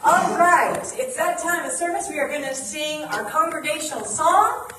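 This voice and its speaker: A woman's voice: sits high, animated, normal speed, pushed and bright. A woman leading a church service, upbeat and playful as she talks to the congregation. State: out of breath. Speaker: service leader. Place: church hall. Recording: echoey hall from far off, noisy.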